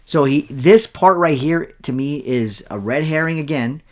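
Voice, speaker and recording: A man's voice: fairly high pitch, unhurried. A man hosting a show, delivering an argumentative rebuttal and hammering his points with repeated words. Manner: argumentative, insistent, repeats key words for emphasis. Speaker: show host and Bible scholar. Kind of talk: rebuttal commentary.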